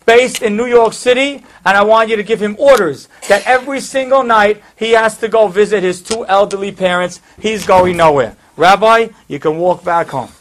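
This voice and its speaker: Man acting out an army general: blunt, commanding, yelling, pitched up. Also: lively intonation, moderate pace, few pauses, slight background noise.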